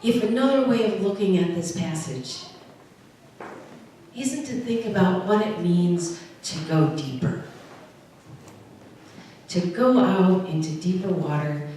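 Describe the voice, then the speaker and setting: A woman preacher slowly spins a vivid story, putting her listeners right into the scene. Her voice echoes heavily around the church, picked up by a mic some way off. A faint noise sits underneath. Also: lowish voice, mellow, recorded from a distance. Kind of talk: sermon, retelling a scripture story.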